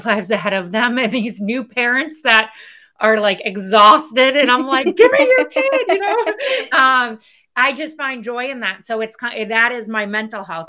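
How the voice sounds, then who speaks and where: Bright, energetic woman executive guest. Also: mid-range voice. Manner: energetic and candid, speaks in quick bursts that trail off. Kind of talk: casual interview talk.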